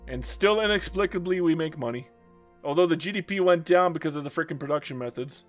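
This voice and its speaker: A man's voice: on the high side, quick pace, faint music behind. A young man commenting on his own strategy game during a long live stream, talking to himself and the game, groaning and joking, worn out after many hours of play.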